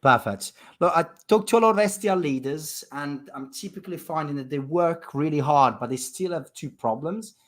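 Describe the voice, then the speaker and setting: A man talking through a headset with a voice a little higher than most men's. He banters and jokes, mocks himself and moves briskly between chatter and a sales pitch. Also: fairly bright tone. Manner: joking, fast-talking, self-mocking. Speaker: sales trainer cold calling on a stream. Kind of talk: casual banter and sales calls.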